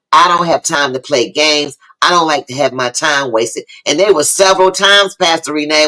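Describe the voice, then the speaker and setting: A woman with hosts a lively livestream talk show. Her voice is bright and forward. She preaches more than she chats, hails viewers by name and says key lines over again. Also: deep voice, rough recording. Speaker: host of a live online talk show.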